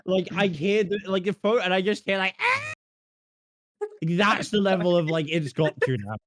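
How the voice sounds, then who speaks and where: A man's voice: sits high, a little fast. A man co-hosting a casual chat, teasing and exasperated, with plenty of swearing. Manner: exasperated, sweary, lively ribbing.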